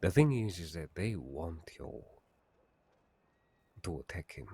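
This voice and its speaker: A man playing a grave gang elder who gives counsel in a measured, lofty way. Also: low voice, very animated, dark tone, slightly rough, no echo, heavily acted. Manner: slow, grave and measured, speaks in lofty phrases. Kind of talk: roleplay in a western game.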